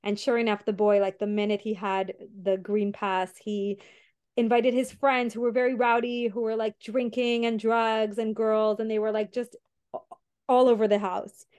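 A woman's voice: on the high side, level tone, normal speed, a little mellow, clear, resonant tone. A young woman hosting a podcast, retelling a story in a rambling way with many fillers and restarts. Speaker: podcast host.

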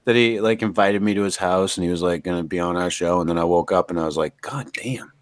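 A man's voice: low-pitched, flat delivery, quick pace. A man co-hosting a podcast in casual chat, a playful, crude joker. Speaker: podcast co-host.

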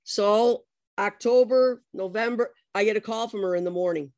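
Casting note: middle-aged woman guest, vivid storyteller, dry close sound, lively delivery. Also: medium pitch, normal speed, no room sound. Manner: lively, animated retelling with acted-out quotes. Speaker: guest, adoptee telling her story. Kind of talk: personal storytelling in conversation.

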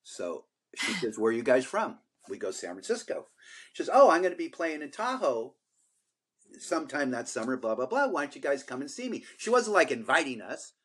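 Older guy rambling thru a story on a podcast, lots of uhs and you-knows, gets animated. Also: medium pitch, brisk, slightly rough. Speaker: podcast co-host. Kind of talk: casual storytelling chat.

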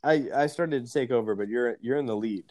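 A man's voice: mid-range voice, fairly quick, a little mellow, no room sound. A man co-hosting a comedic podcast, making wry, sarcastic asides. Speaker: podcast co-host. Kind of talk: comedic read-along chat.

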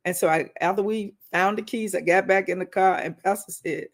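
A woman's voice: medium pitch, steady tone, fairly quick. A woman minister giving a preaching-style teaching talk, conversational, telling personal stories and calling out to her listeners. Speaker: minister teaching a weekly wisdom segment.

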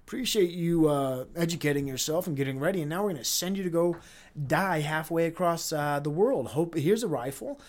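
A man's voice: on the high side, lively intonation, a little fast, close to an everyday voice. A man mimicking a patronizing male government recruiter in a mock-friendly, condescending tone.

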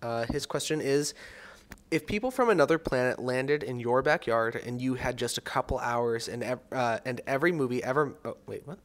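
A man's voice: medium pitch, normal speed. A young man producing a casual podcast, offhand and stumbling a bit as he reads listener questions. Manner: offhand, stumbling while reading aloud. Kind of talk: casual chat. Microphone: headphones at the desk mic.

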